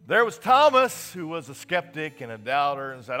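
A man preaching a fervent sermon in a fairly high voice, leaning hard on repeated words for emphasis. His voice rings out with a long reverb through a church sanctuary, while a guitar plays softly underneath. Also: very animated, normal speed, few pauses. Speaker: pastor. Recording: reverberant hall with soft guitar.

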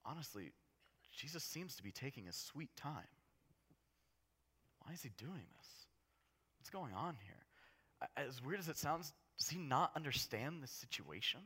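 A man preaching a casual, conversational sermon in an animated, jokey way, swinging between hushed and loud. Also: mid-range voice, a little slow, long pauses, husky.

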